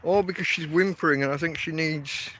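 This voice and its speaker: A man's voice: on the high side, fairly quick, fairly bright tone, a little hiss or hum. Chatty English man walking outdoors. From England. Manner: rambling, talks to his dog between thoughts. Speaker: podcast host. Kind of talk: casual live-stream chat. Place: outdoors at night, walking a dog in the rain.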